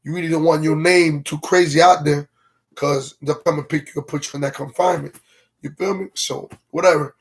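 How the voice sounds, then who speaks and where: Husky high-voiced man telling a story. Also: fairly even intonation, brisk. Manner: slangy, rambling, keeps asking "you feel me"; greets viewers from live comments mid-story. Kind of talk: casual livestream storytelling.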